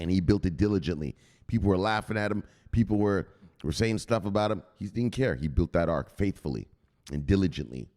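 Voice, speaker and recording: A man hosting a crypto channel in a brash, profane ranting monologue. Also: low voice. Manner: brash, profane, shouts "bang".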